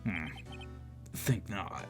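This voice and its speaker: A man voicing a pompous, evasive old male lawyer with a gruff, drawling manner. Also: fairly low pitch, lively intonation, slow, a bit bright, soft background music, heavily acted.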